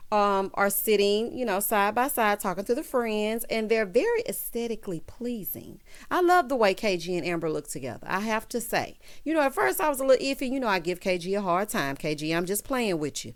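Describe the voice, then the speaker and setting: A woman hosting a casual reality show recap, sassy and chatty, acting out the people she quotes. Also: medium pitch. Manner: sassy, chatty, animated quoting of others. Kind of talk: casual commentary.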